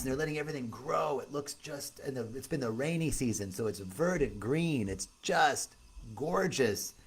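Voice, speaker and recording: A man's voice: mid-range voice, husky. A man hosting a loose, upbeat live stream, greeting viewers by name as he talks. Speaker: retreat host. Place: outdoor retreat in tropical setting.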